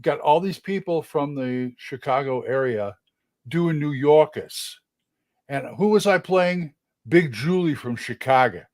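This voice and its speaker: A middle-aged man from Oklahoma co-hosts a casual livestream, his voice sitting a bit high for a man. He spins easygoing, chatty anecdotes at a relaxed pace. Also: takes it slowly, no room sound. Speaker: podcast co-host. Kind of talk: casual chat.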